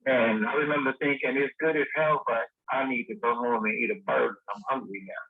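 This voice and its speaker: A man guest telling a lively story in a casual interview, acting out the dialogue he quotes. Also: mid-range voice, brisk, husky. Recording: tinny phone-line sound.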